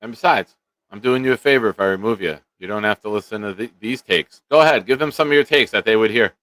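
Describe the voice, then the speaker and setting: A man's voice: lowish voice, fast talker, fairly bright tone, no room sound. Blunt, joking man hosting a live stream. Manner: blunt, joking, scolds the viewers. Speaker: show host. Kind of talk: casual live-stream chat.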